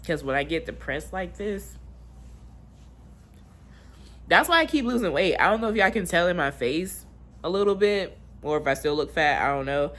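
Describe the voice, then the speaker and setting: A woman's voice: lowish voice, animated, brisk, a bit bright. A woman, talking candidly and emotionally in a rambling, casual confessional vlog, swearing freely. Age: 20s. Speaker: vlogger.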